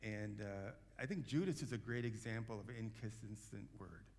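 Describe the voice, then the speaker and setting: A man preaching, his low, gravelly voice carrying through a church hall with long reverb. He talks loosely and conversationally, circling back and restarting his phrases as he goes. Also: moderate pace, a little mellow. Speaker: pastor. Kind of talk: sermon. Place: church sanctuary.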